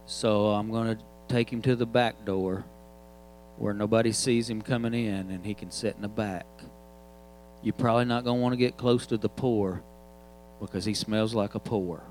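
A man's voice: on the low side, fairly even intonation, moderate pace, darkish tone, slight background noise, lightly acted, rough recording. A man playing a blunt, dismissive male parking attendant talking on a walkie-talkie. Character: gruff male church parking attendant on radio.

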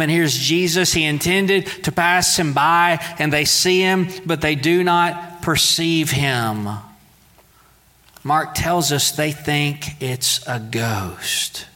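Bright-voiced male preacher in a reverberant hall. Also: on the high side, takes it slowly. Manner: conversational preaching with playful asides. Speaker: pastor. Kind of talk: sermon.

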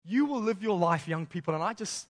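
A young man preaching a lively sermon to young people, acting out the Bible characters in casual slang. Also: high-pitched, fairly quick. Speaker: youth pastor.

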